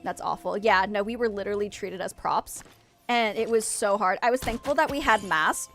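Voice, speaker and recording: A woman streaming and chatting casually with her viewers, frank and quick to vent. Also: mid-range voice, fairly bright tone, soft background music. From United States.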